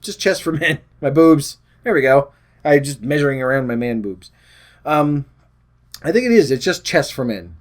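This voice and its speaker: A man's voice: fairly high pitch, animated, moderate pace. Rambling, chatty man vlogging to camera. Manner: rambling, self-deprecating, chatty. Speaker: weight loss vlogger. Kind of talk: casual chat to camera.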